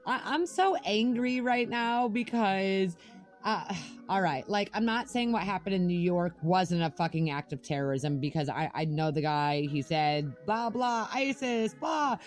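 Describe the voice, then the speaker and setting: A woman's voice: on the low side, a little slow, faint music behind. A young adult woman co-hosting a podcast, ranting angrily with lots of swearing in casual chat. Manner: angry, profane ranting. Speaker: podcast co-host.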